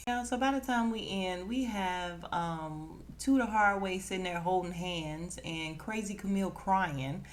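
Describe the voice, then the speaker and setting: A woman, recapping a reality dating show on her podcast. She talks in a sassy, animated way and slips into the voices of the people she quotes. Her voice sits a little low for a woman. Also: unhurried, few pauses, a little hiss or hum. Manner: sassy, animated, quotes cast members with attitude. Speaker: podcast host.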